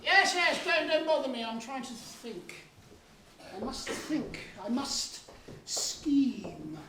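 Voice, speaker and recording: A woman's voice: high voice, sing-song, slow, a little hiss or hum, heavily acted. A woman playing a blustering, pompous villainous pirate captain in an amateur stage pantomime, recorded from far off in an echoey hall. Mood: gloating. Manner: theatrical, shouting orders, scheming.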